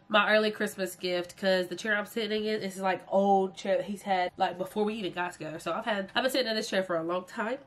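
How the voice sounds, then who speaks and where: A woman's voice: mid-range voice, a bit bright. A young woman vlogger, congested, chatting casually and straight to her viewers on a handheld phone camera. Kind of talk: casual vlog chat. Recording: noisy background.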